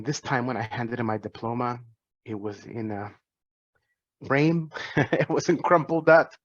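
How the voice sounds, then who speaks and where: A man's voice: medium pitch, dry recording, highs cut off. A man in his forties, a physician giving an earnest, reflective talk to students, often restarting his phrases. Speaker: physician and guest speaker.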